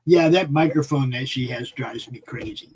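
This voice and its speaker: A man's voice: mid-range voice, normal speed, darkish tone, husky, low-quality recording. An older man making wry, offhand remarks in casual chat.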